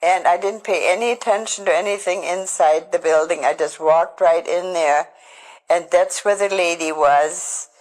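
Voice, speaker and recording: An older woman recounts her memories in a lowish voice. She speaks haltingly and with feeling, stopping and restarting mid-sentence as she tells her own story. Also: in a large hall, poor audio. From Germany. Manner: halting, emotional, with frequent restarts. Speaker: Holocaust survivor giving testimony. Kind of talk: personal testimony storytelling.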